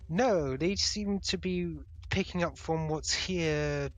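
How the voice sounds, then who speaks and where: Male game master, slightly high voice, easygoing. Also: takes it slowly. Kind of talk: running a tabletop game.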